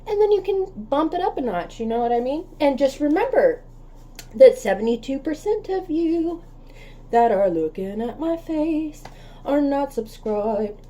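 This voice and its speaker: A woman's voice: high-pitched, very animated, a little slow, warm tone. A woman hosting a reaction channel, chatting casually and affectionately with her viewers in a bubbly, talkative way. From United States.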